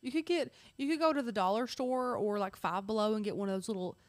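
A woman's voice: medium pitch, fast, darkish tone. A woman co-hosting a casual chat, reading viewer questions aloud and answering them in an easygoing way. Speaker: co-host.

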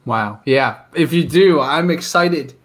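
Male stream guest, relaxed casual chat, slightly high voice. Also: takes it slowly. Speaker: guest YouTuber.

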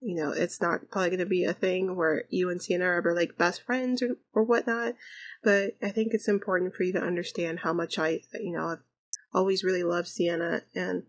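Middle-aged father and groom, tender and earnest, quiet delivery, voiced by a woman narrator. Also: fairly low pitch, fairly even intonation, fairly quick. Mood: heartfelt.

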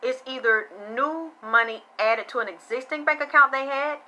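Blunt, bright-voiced woman psychic reader. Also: sits high, moderate pace, rough recording. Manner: blunt and chatty, swears freely, thanks viewers by name. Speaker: psychic reader hosting a live stream. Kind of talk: casual live-streamed psychic reading.

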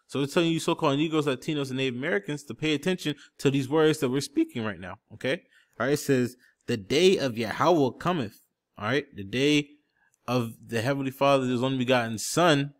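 A man's voice: medium pitch, brisk, a bit bright. A man teaching scripture in an emphatic style, checking in with "okay?" and "man" after nearly every phrase and looking up word definitions as he goes. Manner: looks up word definitions on screen while talking. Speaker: preacher.

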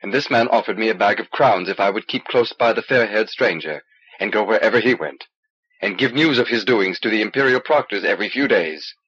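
A man voicing a nervous male alien informer who speaks low and hesitantly, on an old cassette recording. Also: brisk, fairly bright tone, husky, dull audio. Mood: confessing.

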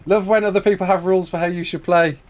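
A man's voice: sits high, steady tone, fast talker. A British man chatting casually on a live stream, answering viewer questions, laughing often and calling people mate. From United Kingdom.

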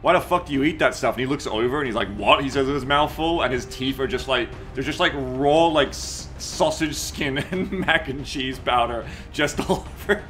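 A man streams a strategy game, reading his chat aloud and spinning crude jokes out of it. His voice is bright and forceful, at a mid pitch. Faint music plays underneath. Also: moderate pace, hardly any pauses. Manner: joking, profane, riffing on chat messages. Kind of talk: casual gameplay commentary.

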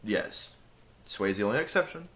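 A man's voice: lowish voice, animated, normal speed, a crowd in the background. A young man co-hosting a podcast, chatting casually with blunt, dramatic refusals. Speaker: podcast co-host. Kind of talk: casual chat.

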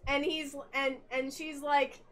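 A woman's voice: high voice, little pitch movement, takes it slowly, fairly bright tone. A tipsy woman hosting a podcast, rambling through a game's story in casual chat, giggling and swearing as she goes. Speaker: podcast host.

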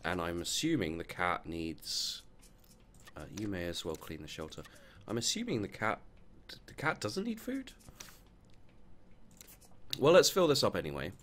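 A man's voice: low voice, sing-song, a little slow, pauses often, a bit bright. A man giving casual let's play commentary, muttering to his game characters and swearing freely as he goes.

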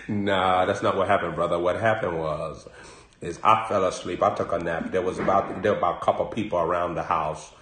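A man's voice: deep voice, fairly even intonation, a little fast, fairly bright tone, echoey room, slight background noise, voice pushed down. A man voicing a shifty, evasive grown man who mumbles his denials.

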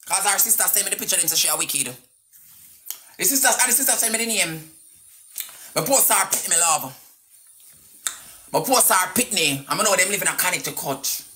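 A woman's voice: deep voice, bright, forceful tone, slight background noise. Cursing Jamaican Patois woman ranting. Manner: cursing, taunting, half sung in places. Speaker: live streamer. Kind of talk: angry live-stream rant.

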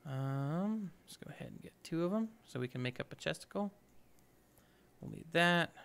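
Upbeat, smooth-voiced male gamer. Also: fairly high pitch, animated, normal speed, fairly bright tone. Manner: upbeat, chatty, thinking aloud. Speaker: let's play host. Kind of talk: casual gameplay commentary.

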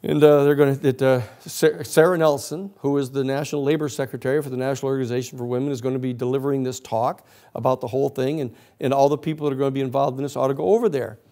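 A man's voice: medium pitch, quick pace. A middle-aged man, a lawyer, giving a storytelling lecture and acting out the voices of people in his story. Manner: animated storyteller acting out quoted voices, laughing often.

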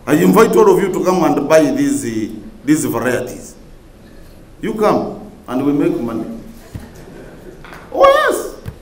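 A Ugandan male government minister delivers a public speech to a conference audience, his fairly high, animated voice moving at a moderate pace with long pauses and a darkish tone. He speaks oratorically, repeating key phrases for emphasis and rising to emphatic peaks. The conference hall sounds roomy, with slight background noise.

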